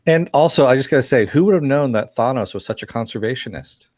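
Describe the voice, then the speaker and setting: A man's voice: medium pitch, expressive, fast talker, a little mellow, dry recording, clean studio sound. A man on a podcast panel, chatting and joking in a laid-back way. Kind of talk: casual podcast chat.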